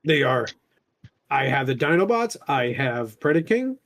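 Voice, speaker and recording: A man hosting a podcast, chatting casually, excitable and jokey with lots of swearing. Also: medium pitch, unhurried. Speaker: podcast host. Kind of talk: casual chat.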